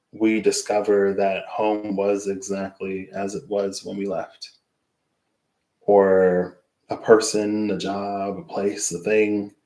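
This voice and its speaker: A man's voice: lowish voice, a little mellow, reverberant, rough recording. A man closing a casual tarot reading, rambling and reflective, who often trails off into asides. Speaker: tarot reader.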